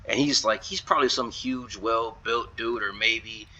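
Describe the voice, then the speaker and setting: Bright-voiced casual male game reviewer. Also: medium pitch, measured pace, dull audio. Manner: retells scenes in a loose run of "he's like" quotes, with fillers. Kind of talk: casual commentary video.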